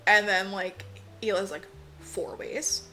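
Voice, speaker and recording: Bright-voiced woman recapping a movie. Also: mid-range voice, slow pace, soft background music. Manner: animated storyteller acting out characters' lines; swears freely, lots of "like" fillers. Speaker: podcast co-host. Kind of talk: casual movie recap chat.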